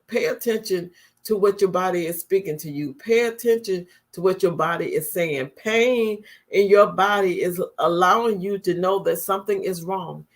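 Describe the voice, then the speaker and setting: A woman's voice: fairly low pitch, moderate pace. A woman hosting a talk show, speaking straight to her viewers with earnest, repetitive advice about stress and health. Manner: earnest, repeats her points as direct advice.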